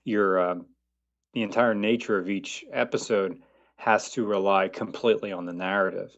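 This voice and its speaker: A man with a low, gravelly voice chats on a podcast as a guest car reviewer. He rambles and keeps catching and correcting his own words. The audio is dull and lo-fi. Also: steady tone, moderate pace. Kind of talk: casual podcast chat.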